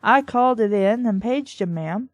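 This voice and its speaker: A woman's voice: on the high side, lively intonation, moderate pace, no echo, lightly acted. A woman voicing an eager, deferential young female police officer while reading a novel aloud, her lines polite and earnest.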